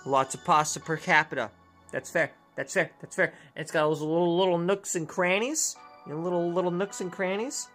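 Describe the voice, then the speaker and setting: A man's voice: fairly high pitch, brisk, a bit bright, soft background music. A man hosting a let's play, chatting casually in a rambling, jokey way that keeps interrupting itself. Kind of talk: casual gameplay chat.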